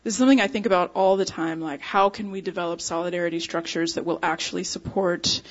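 A woman musician guest talking casually, emphatic and quick to laugh. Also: lowish voice, dull audio. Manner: animated, laughs easily, emphatic. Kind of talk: casual conversation.

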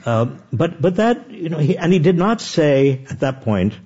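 An older man talks with a husky edge and swinging pitch. He tells self-deprecating stories with many restarts. The recording sounds dull and lo-fi. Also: normal speed. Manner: animated, self-deprecating anecdotes with frequent restarts. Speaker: guest author. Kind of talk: conversational storytelling.

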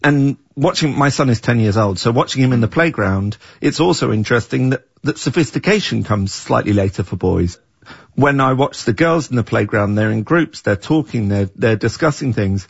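A man's voice: medium pitch, expressive, moderate pace, creaky, slightly rough, dry recording. A middle-aged man, the creator and writer of a series, answers interview questions thoughtfully, often restarting his sentences. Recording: dull, dry, lo-fi sound.

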